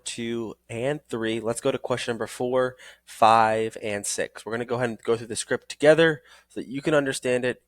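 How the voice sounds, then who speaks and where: A man teaching a sales course with energetic coaching. He repeats phrases for emphasis and acts out sales calls in several voices. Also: mid-range voice, dry recording. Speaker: sales trainer. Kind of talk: recorded training course.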